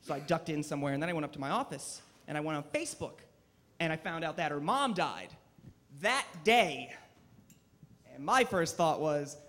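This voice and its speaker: A man in his twenties performing a deadpan, self-deprecating stand-up set on a comedy club stage into a handheld mic. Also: a little high, moderate pace.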